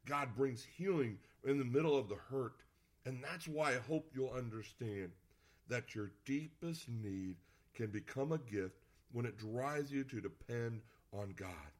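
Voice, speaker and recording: Male pastor, mid-pitch voice, chatty sermon delivery with playful asides. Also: measured pace. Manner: conversational preaching with playful asides.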